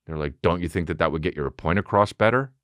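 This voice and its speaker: A man in his thirties hosting a podcast, telling a profane, animated story and acting out both sides of a conversation. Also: low-pitched, fast talker, dry recording. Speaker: podcast host. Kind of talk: casual comedic storytelling.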